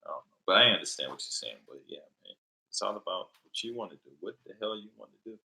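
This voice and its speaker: Deep gravelly man, blunt and profane. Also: animated, quick pace, sharp tone, rough recording. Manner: blunt, profane, rambling with many "you know" fillers. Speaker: livestream host answering viewer questions. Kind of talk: late-night casual livestream chat.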